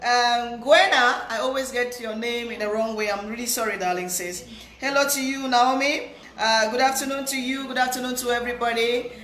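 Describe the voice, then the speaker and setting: A woman's voice: a little high, steady tone, fairly quick, fairly bright tone. A woman hosting a live stream, greeting viewers by name in a chatty, repetitive way, her voice thick with a cold. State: nasal with a cold. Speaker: livestream host. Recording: echoey room with faint hiss.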